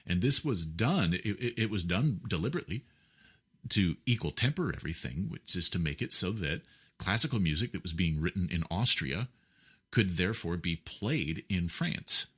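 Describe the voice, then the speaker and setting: Very deep-voiced man explaining at length. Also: animated, normal speed, fairly bright tone, breathy edge. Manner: lecturing, with many fillers and rhetorical checks. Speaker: guest musician. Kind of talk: explanatory interview talk.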